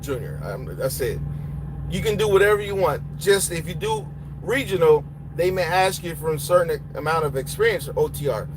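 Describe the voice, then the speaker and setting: Blunt bilingual trucker over road hum. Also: male voice, a little high, expressive, moderate pace. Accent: Honduran Spanish. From Honduras. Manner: blunt, switches between English and Spanish. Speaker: truck driver and trainer answering viewer questions. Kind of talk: casual live Q&A, reading chat aloud. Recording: loud road and engine hum.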